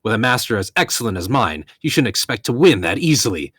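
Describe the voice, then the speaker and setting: A man voicing a proud, fearless male warrior who boasts loudly. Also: medium pitch, very animated, fast talker, husky, no room sound, studio quality, pitched above the performer's own voice. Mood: boastful. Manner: proud, loud, laughing boasts.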